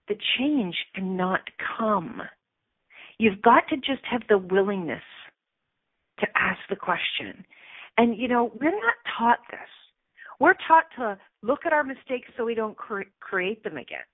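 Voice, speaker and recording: A woman's voice: a little high, slightly rough, no room sound. A middle-aged woman hosting a radio talk show, telling a personal story in a candid, chatty way, teary at times. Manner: candid, chatty, emotional, frequent fillers. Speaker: radio show host and coach. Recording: tinny phone line.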